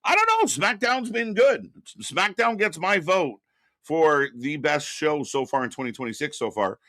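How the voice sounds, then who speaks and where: Co-hosting a live wrestling reaction stream, a man keeps things loose and casual, frequently pausing to greet chat viewers by name. His fairly high, bright, forward voice is very animated and moves at a moderate pace. The recording is close and dry, without room echo.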